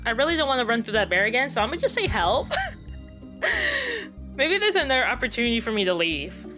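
A woman's voice: on the high side, very animated, very fast, music in the background. A young woman giving jumpy, chatty commentary while playing a horror game, talking to herself and laughing at the scares. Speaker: gaming YouTuber.

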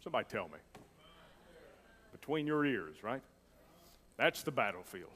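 A male pastor delivers a sermon with strong feeling, swelling into loud declarations and then dropping to almost a whisper. His voice sits at an ordinary middle pitch. A long reverb hangs on every phrase, as in a big church hall. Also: big pitch swings, moderate pace. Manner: emotional, swinging from loud declaring to soft near-whispers.

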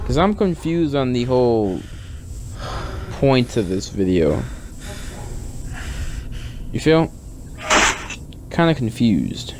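A young man talking over his gameplay, slow and unhurried with a lively, swooping delivery. He jokes, swears and reacts loudly to what happens on screen, in casual let's-play commentary. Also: medium pitch, noisy background. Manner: profane, joking reactions to the game. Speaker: gaming YouTuber.

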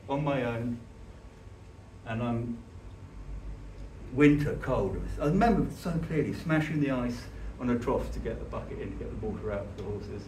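A man giving a conversational church talk, telling personal stories in an earnest, halting way with frequent restarts. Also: medium pitch, expressive, darkish tone. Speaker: church speaker. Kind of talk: conversational sermon with personal storytelling. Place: church hall. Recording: echoey hall, distant mic, faint hiss.

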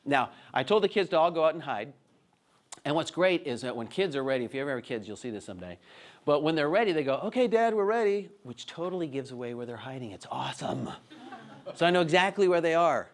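A man in his thirties giving a humorous teaching talk, telling animated, self-mocking stories about his kids. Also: mid-range voice, quick pace. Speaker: speaker.

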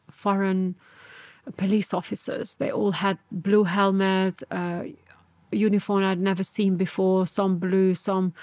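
A woman's voice: mid-range voice, darkish tone, dry recording. A woman from Serbia, a podcast guest telling her own story in an earnest, reflective way. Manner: earnest, reflective, re-enacts her past self's words. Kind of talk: personal storytelling in an interview.

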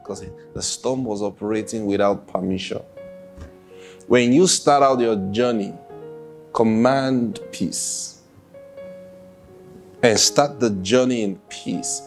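Male pastor, unhurried sermon delivery, faint music bed. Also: lowish voice. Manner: lively preaching with laughs and acted-out quotes.

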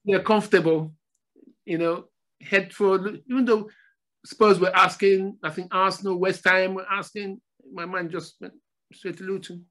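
An older man from Nigeria, a former footballer, telling stories as a podcast guest in a relaxed chat, often repeating his phrases. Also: sits high, normal speed. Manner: repeats phrases, animated storytelling. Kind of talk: casual storytelling interview.

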